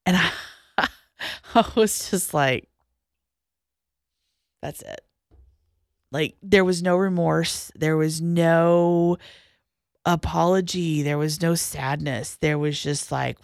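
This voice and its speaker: A young woman telling a personal story as a podcast guest, halting, with restarts and pauses, going quiet at the hardest parts. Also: deep voice, fairly even intonation, vocal fry, no echo, clean studio sound. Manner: halting, with frequent restarts and trailing-off lines, dropping quiet at hard moments.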